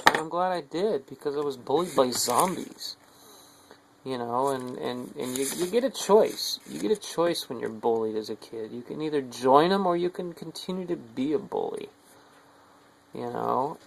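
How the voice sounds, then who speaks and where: In a low-quality recording with a faint hiss or hum, an American man with a gravelly voice rambles angrily at the camera in his video diary. He curses freely, shows contempt for his listeners, and lurches between worn-out muttering and sudden yelling.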